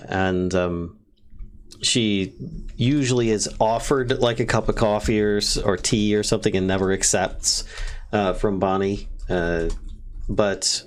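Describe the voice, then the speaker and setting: A man narrating as game master, halting with many fillers while he looks things up. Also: lowish voice, gravelly, a little hiss or hum.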